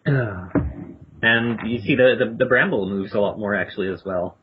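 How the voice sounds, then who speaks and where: A man's voice: lowish voice, normal speed. A man running a storytelling game as game master, describing the scene loosely with many fillers. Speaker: game master and podcast host. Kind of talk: casual game narration. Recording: dull lo-fi audio with faint noise.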